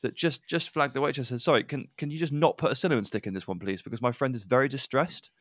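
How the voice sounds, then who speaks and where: A man's voice: mid-range voice, fast talker, a bit bright, no echo, clean studio sound. A man co-hosting a casual podcast, telling a story about a friend in a wry, amused way. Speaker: podcast co-host. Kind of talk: casual chat.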